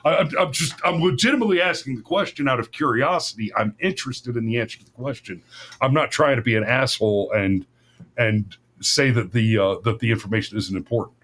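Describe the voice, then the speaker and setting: A male host tells a long story in a loose, rambling way, often stopping to restart his sentences. He swears freely and sounds casual. His voice sits at an ordinary middle pitch for a man. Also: a little fast, fairly bright tone. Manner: rambling, profane, many restarts and self-corrections. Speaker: podcast host.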